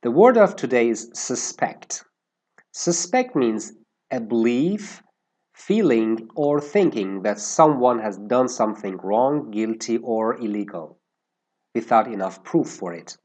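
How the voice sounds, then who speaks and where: With a mid-range, darkish voice, a man teaches an English lesson in an animated way, explaining word use slowly and carefully and stressing how the words sound.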